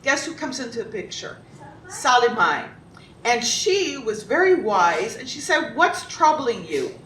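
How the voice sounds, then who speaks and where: A woman with a fairly high voice tells a children's story slowly and animatedly, asking the children questions along the way. She sounds far from the mic in a roomy hall, with a faint rumble behind her. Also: very animated, fairly bright tone. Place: congregation hall.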